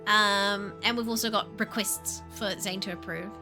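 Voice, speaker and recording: A young woman chatting casually on a livestream, animated, laughing often and swearing. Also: mid-range voice, normal speed, music in the background. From New Zealand. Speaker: streamer.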